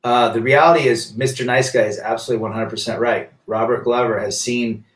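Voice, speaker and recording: A man's voice: medium pitch, fairly even intonation, fairly quick, recorded from a distance. A man hosting a casual live stream, reading viewer comments aloud and answering them emphatically, often with rhetorical questions. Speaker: livestream host reading chat. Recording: roomy echo, set back from the mic.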